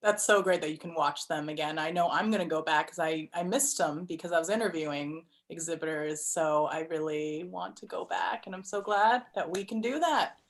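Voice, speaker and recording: A woman, a festival organizer, speaking softly and sincerely on a video call. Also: on the low side, normal speed, few pauses. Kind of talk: casual video call chat.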